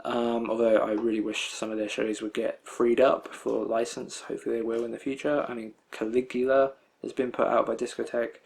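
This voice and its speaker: A man's voice: medium pitch, a little fast. Rambling young man showing off anime discs. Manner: rambling, many fillers, chuckles often. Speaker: anime collector showing a disc haul. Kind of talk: casual haul vlog.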